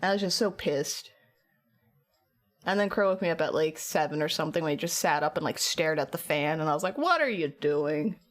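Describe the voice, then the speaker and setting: A woman's voice: low voice, fairly even intonation, fairly quick. A tired young woman streamer chatting with viewers, rambling through a story and acting out her own quotes. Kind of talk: casual chat with stream viewers.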